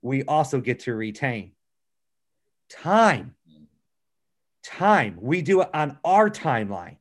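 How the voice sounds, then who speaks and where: A man's voice: mid-range voice, sing-song, moderate pace. A middle-aged man giving a motivational talk on a call, earnest and storytelling, often checking in with "okay" and "right?". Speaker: business speaker on a call.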